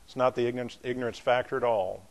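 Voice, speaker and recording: A man's voice: medium pitch, steady tone, fast, a little mellow. Man casually teaching a Bible class. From not from the American South. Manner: conversational, with restarts and asides to the class.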